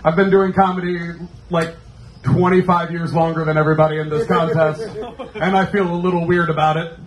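A man in his forties doing a self-mocking, animated stand-up comedy set. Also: on the high side, brisk, crowd noise. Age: 40s. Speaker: stand-up comic. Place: comedy club stage. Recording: roomy club sound, mic from a distance.

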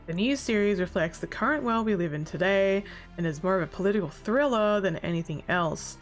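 Brash sarcastic woman video essayist. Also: fairly low pitch. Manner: brash, sarcastic and emphatic, swears freely; bursts into loud exasperated outbursts. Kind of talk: casual commentary essay.

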